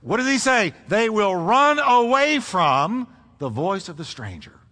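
Animated male preacher in a reverberant hall. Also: high-pitched, unhurried. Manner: animated preaching with congregation call-and-response. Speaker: pastor. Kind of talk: sermon.

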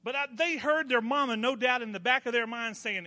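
Delivering his sermon fairly quickly with few pauses, a male pastor uses a bright, sharp, high voice. He mixes folksy storytelling with emphatic climbs, and the long reverb of the church hall carries every word.

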